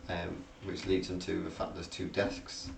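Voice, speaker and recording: A man's voice: sits low, flat delivery, a little slow, creaky. A man co-hosting a casual film podcast, rambling through the plot with lots of fillers and restarts. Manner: rambling, hesitant, recounting plot with many fillers. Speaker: podcast co-host. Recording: roomy, distant mic, faint background noise.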